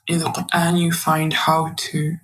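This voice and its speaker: Breathy, flat-voiced woman telling her story. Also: low voice, low-quality recording. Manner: earnest and faith-filled, halting with restarts. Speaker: podcast guest. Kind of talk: personal story in an interview.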